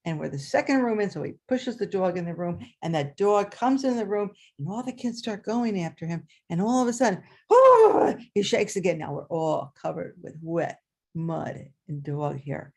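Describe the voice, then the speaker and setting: Husky older woman telling a story. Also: moderate pace. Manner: animated, voices characters with big pitch jumps. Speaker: storyteller, former teacher. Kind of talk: oral storytelling at a story swap.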